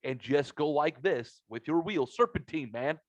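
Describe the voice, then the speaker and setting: Brief: middle-aged male podcast host, swears freely, animated storyteller, dry dull lo-fi sound. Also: a little high, normal speed, no echo. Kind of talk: casual storytelling chat. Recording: dull lo-fi audio.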